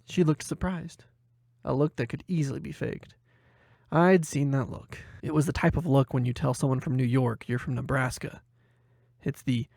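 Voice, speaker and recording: A man narrating a first-person horror short story in a measured, dramatic way, softening his voice for inner thoughts. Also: medium pitch, steady tone, gravelly, dry recording, studio quality.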